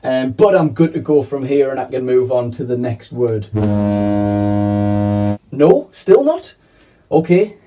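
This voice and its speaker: A man's voice: mid-range voice, moderate pace, hardly any pauses, mellow, recorded from a distance, soft background music. A man teaching a children's video lesson in a playful, chatty way, often checking in with "okay?". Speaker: primary school teacher.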